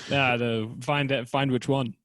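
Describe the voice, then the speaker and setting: A man's voice: mid-range voice, level tone, unhurried, a bit bright, no room sound. A man co-hosting a casual podcast, chiming in with dry jokes. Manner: dry joking interjections. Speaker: podcast co-host. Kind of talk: casual chat.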